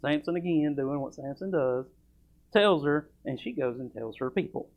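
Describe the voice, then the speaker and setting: A man's voice: on the high side, normal speed. A man preaching a sermon at a church service. He talks in a folksy, emphatic way and reads old scripture aloud. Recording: dull lo-fi church recording.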